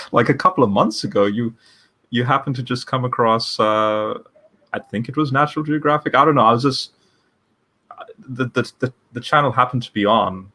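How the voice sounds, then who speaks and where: A man's voice: mid-range voice, pushed and bright. A man hosting an interview over a video call, talking casually and rambling with frequent restarts. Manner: rambling, many restarts and fillers. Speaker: podcast host interviewer.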